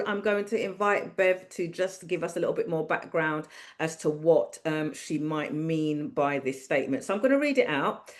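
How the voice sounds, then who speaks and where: A woman with a slightly low voice hosts an online property clinic. She talks in a chatty, upbeat and reassuring way over a video call. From Caribbean. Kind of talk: casual webinar hosting.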